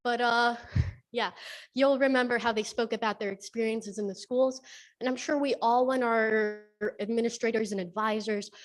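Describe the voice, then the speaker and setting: A teenage girl, out of breath, giving a hesitant public comment at a school board meeting. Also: on the high side. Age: teens. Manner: hesitant, apologetic, with fillers and restarts.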